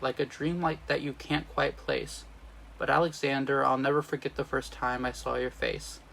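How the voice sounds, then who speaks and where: A man's voice: medium pitch, creaky, fairly bright tone, slight background noise, poor audio. A man reading the part of a witty, regretful older sister, speaking sung lyrics with slips. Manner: reads sung lyrics as speech, with slips and restarts.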